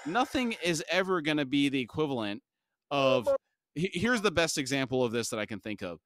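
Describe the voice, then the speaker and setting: A middle-aged man co-hosting a casual book podcast, with a bright, crisp tone recorded dry and close. He talks steadily and keeps the conversation on track. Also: on the high side, a little fast, no room sound. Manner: steady, reads passages aloud, redirects the talk. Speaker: podcast co-host.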